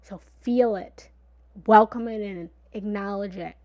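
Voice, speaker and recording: A woman giving a motivational talk in a lively, conversational way. She sometimes drops into a whisper for emphasis and repeats phrases playfully. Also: medium pitch, measured pace, dull audio. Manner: repetitive, playful analogies. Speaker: motivational speaker.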